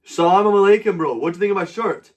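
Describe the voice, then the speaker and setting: A man with a high-pitched voice and a Scottish accent hosts a live stream, talking quickly. He banters crudely with strangers, swears freely, and lets out loud, mocking outbursts.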